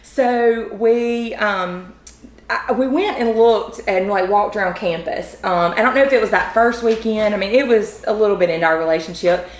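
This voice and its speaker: A woman, a podcast guest telling a story in a chatty, animated way with many fillers. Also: medium pitch, normal speed. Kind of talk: casual storytelling. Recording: roomy echo.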